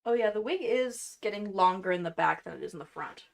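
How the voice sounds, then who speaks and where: A woman's voice: mid-range voice, lively intonation, brisk, vocal fry, a little hiss or hum. A young woman chatting casually on a livestream while she crafts at home, playful and self-deprecating. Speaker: cosplay streamer.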